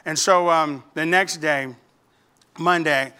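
A male pastor telling a playful, animated story to his congregation in church, talking to the people directly. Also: fairly high pitch, takes it slowly, smooth. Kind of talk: storytelling sermon.

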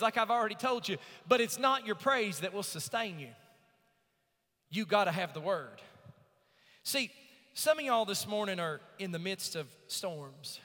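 A male pastor preaching a sermon, drawing out scripture slowly and rising into emphatic swells. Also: high-pitched, animated, pushed and bright. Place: church sanctuary. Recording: long reverb of a church sanctuary.

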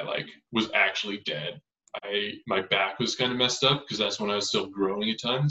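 A young man telling stories as a guest in a casual chat, in a relaxed way, saying "like" a lot. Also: fairly low pitch. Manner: relaxed, lots of "like". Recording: echoey room, dull lo-fi sound.

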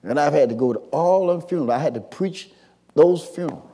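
A man, preaching a sermon, swinging from quiet storytelling to shouted call-and-response. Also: fairly high pitch, fairly quick. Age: 60s.

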